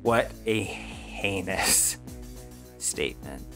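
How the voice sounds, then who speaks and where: A man hosting a commentary video, with a bright, sharp tone. He cuts in with biting, incredulous remarks, and faint music plays behind him. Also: low-pitched, expressive, drawn-out words. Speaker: commentary host. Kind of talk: sarcastic commentary.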